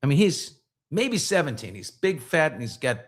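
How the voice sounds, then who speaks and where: A man's voice: on the high side, moderate pace. A middle-aged man, a podcast host, telling a story in casual chat and acting out voices in it. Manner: animated, acts out voices in his stories.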